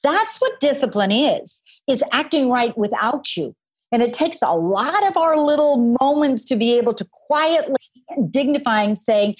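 Woman, fairly high voice, podcast guest explaining parenting with earnest, animated examples. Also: moderate pace. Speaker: guest author and parenting expert. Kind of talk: podcast interview.

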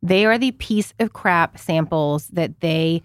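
A Canadian woman in her forties co-hosting a podcast, chatting casually and telling animated stories, swearing freely and laughing as she talks. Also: lowish voice, takes it slowly, clear, resonant tone, no echo, studio quality. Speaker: podcast co-host. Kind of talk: casual chat.

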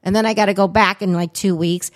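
A woman's voice: medium pitch, fairly even intonation, fast. A woman co-hosting a podcast, telling a rambling story in casual chat, dropping swear words and lots of fillers. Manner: chatty, profane, rambling with many "like"s. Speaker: podcast co-host.

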